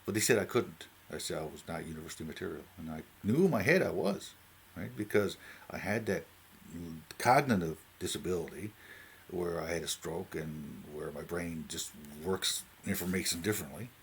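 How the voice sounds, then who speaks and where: Low-voiced Newfoundland man rambling. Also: expressive, moderate pace, vocal fry, a little hiss or hum. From Newfoundland, Canada. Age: 40s. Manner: rambling, jumps between tangents, keeps asking "right?". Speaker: vlogger. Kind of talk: unscripted talk to camera.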